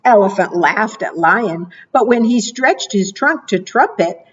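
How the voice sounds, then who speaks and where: Woman librarian reading storybooks for preschoolers, gentle and encouraging, slow, airy, from a distance on a dull mic. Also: medium pitch, lively intonation, husky. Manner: gentle and encouraging, asks children questions. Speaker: children's librarian. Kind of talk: preschool storytime read-aloud.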